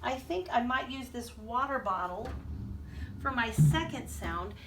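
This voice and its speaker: A woman's voice: fairly high pitch, lively intonation, measured pace, fairly bright tone. A woman music teacher leading a children's rhythm lesson, chanting rhythm syllables and encouraging her class. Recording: distant mic with faint background noise.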